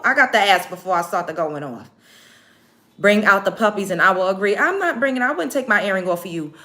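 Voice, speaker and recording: Reading out viewer comments with brash confrontation, a woman runs a casual home livestream as she does her makeup. Her medium-pitched voice is sing-song, bright, and forceful, at a moderate pace.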